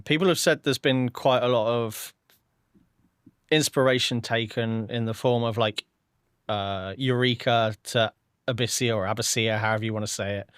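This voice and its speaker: A man in the host's chair, talking in a casual, hesitant way and often restarting his sentences. His voice sits at an ordinary middle pitch. The recording is close and dry. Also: a bit bright, smooth, dry recording. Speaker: podcast host. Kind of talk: casual podcast chat.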